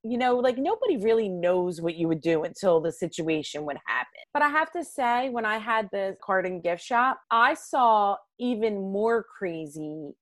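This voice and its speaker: In a dry recording, a middle-aged interview guest who used to be a probation officer tells animated stories from that job in a medium-pitched voice. She talks at normal speed with few pauses, acting out the dialogue and using "like" frequently.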